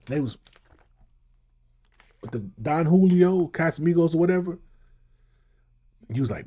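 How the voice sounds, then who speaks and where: A man's voice: a little high, moderate pace, long pauses, dark tone. A man hosting his own channel, giving emphatic casual commentary and reacting to clips. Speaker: channel host.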